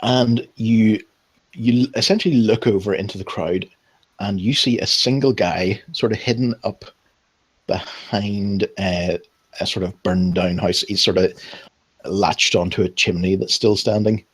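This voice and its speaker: A man's voice: lowish voice, fairly even intonation, a little slow, slightly rough. A young man narrating a tabletop game as game master, hesitant and full of ums as he describes each scene.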